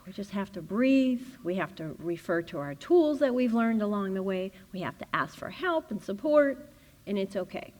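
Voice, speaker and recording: Animated woman teaching with playful stories. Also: mid-range voice, normal speed. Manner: animated, laughs often, dramatizes scenarios. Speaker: spiritual teacher. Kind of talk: playful teaching talk with acted-out inner dialogue.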